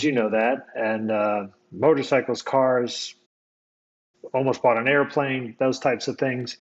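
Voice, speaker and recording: A man from the United States, a guest telling a personal story in relaxed, casual conversation, reflective and often restarting his sentences. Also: medium pitch, lo-fi sound.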